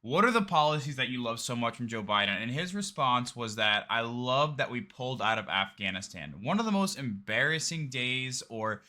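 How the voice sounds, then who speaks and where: A man commenting on a debate clip in a casual, mocking tone. His voice is strikingly bright and sharp, and he speaks bluntly, with slang. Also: mid-range voice, animated, normal speed, few pauses.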